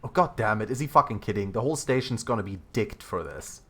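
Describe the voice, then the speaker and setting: A man voicing an impatient, foul-mouthed male police officer who swears loudly. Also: lowish voice, lively intonation, fast talker, husky. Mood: exasperated. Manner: loud and swearing.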